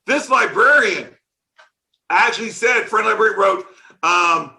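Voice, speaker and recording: Male conference speaker, high bright voice, sarcastic and animated rant on stage. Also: unhurried, gravelly. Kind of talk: conference talk.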